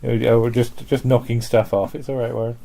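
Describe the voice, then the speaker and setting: A man with a mellow, dark-toned voice chats casually about old TV shows. He often stops and restarts his sentences, and he keeps turning questions over to his co-hosts. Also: medium pitch, flat delivery, fairly quick, gravelly. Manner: hesitant, many restarts, asks questions. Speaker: podcast co-host. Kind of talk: casual chat about classic TV.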